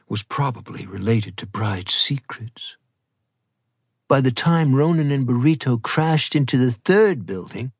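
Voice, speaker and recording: A male audiobook narrator reads a novel slowly and deliberately, with a husky, breathy edge to his mid-pitched voice. On quiet passages he sinks almost to a whisper. The sound is dry and close, with no room echo. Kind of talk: scripted narration.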